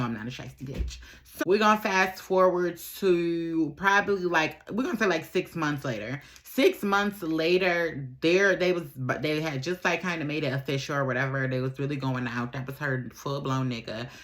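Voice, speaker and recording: Low-pitched woman vlogger from Buffalo, New York. Casual, slangy, repetitive storyteller who chats while getting ready. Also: moderate pace, fairly bright tone. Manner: rambling, slangy, repeats herself.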